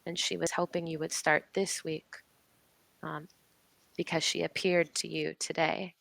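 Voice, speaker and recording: A woman voicing a priestess's envoy in a tabletop game, formal, measured and persuasive. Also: low-pitched, level tone, creaky, a bit bright, no echo, exaggerated voice, poor audio.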